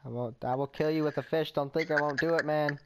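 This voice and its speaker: A man's voice: a little high, fairly even intonation, fast, a loud crowd. A man bantering with friends during a game, laughing often and swearing in playful threats. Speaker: gamer playing with friends. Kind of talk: casual gameplay banter.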